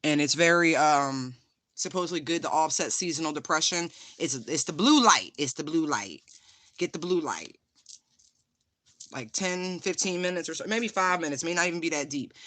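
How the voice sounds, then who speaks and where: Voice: mid-range voice, animated, normal speed, fairly bright tone, no echo. A tarot reader giving a casual spiritual card reading to viewers, chatty and direct, with lots of fillers, calling the listener honey while showing a stone to the camera.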